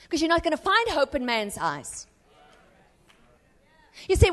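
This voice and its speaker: A woman preacher giving an impassioned sermon in a church, swinging between urgent exhortation and hushed storytelling. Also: sits high, big-room sound.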